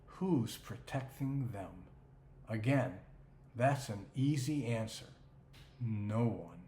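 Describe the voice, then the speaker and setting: A man's voice: medium pitch, expressive, slow pace, dark tone, slight background noise. A man giving an emphatic, rhetorical scripted narration. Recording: roomy echo.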